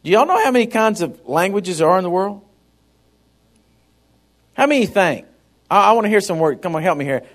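A man's voice: sits high, big pitch swings, fairly quick, pauses often. A man preaching a sermon, calling out to the congregation and acting out the people in his stories. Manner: calls out to the congregation, acts out stories in voices. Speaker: pastor.

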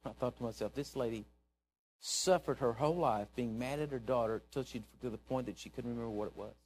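A man, a pastor preaching a sermon in church, telling a story and swinging from hushed asides to loud exhortation. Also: mid-range voice, brisk, a little hiss or hum.

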